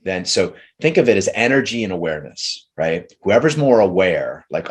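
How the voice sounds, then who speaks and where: A man leading a group session on relationships, talking earnestly and slowly, often restarting his sentences. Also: sits low, big pitch swings, breathy edge. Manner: earnest, slow and searching, many restarts. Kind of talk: coaching talk with a participant.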